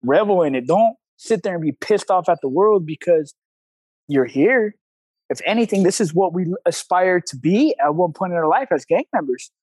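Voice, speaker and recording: Male coach guest, high-pitched, blunt storyteller with slang, recorded dry and close. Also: animated, normal speed, a little mellow, slightly rough, no room sound, low-quality recording. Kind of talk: casual interview talk.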